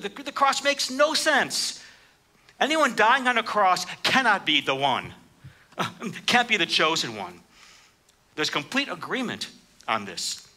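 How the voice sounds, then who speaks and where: A man preaching a sermon, reading scripture and explaining it, lifting his voice sharply for quoted lines. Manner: animated, raises pitch for quoted speakers.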